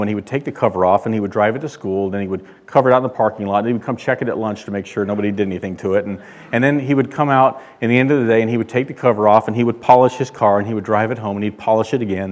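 A male pastor delivering a sermon, emphatic, rising and getting louder when he quotes God. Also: fairly low pitch. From California. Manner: emphatic preaching, loud when quoting God.

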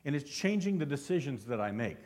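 A man's voice: medium pitch, very animated, brisk, darkish tone. A man preaching a sermon as pastor, fervent and constantly asking his congregation questions.

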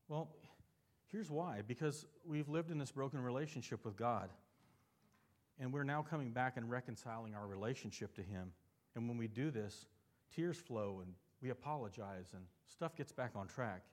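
A pastor giving a conversational sermon, asking the congregation questions and moving between lively, emphatic stretches and softer, earnest ones. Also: male voice, moderate pace. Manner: conversational preaching with frequent rhetorical questions; swings between animated emphasis and soft, low earnest passages.

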